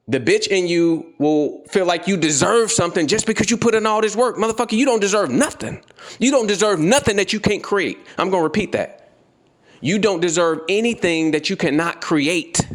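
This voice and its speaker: Blunt, profane man on a motivational rant. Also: on the high side. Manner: blunt, profane, repetitive, confrontational. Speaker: trading educator.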